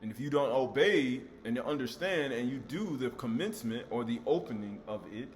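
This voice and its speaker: Male scripture teacher, mid-pitched, emphatic and repetitive, quiet music underneath. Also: expressive, moderate pace. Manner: emphatic, repeats key words, asks rhetorical questions.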